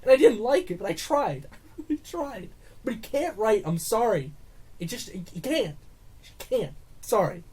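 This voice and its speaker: A man's voice: high voice, moderate pace, breathy edge. Male podcast co-host, rants and swears about films in loose casual talk. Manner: animated ranting with swearing. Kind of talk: casual movie review chat.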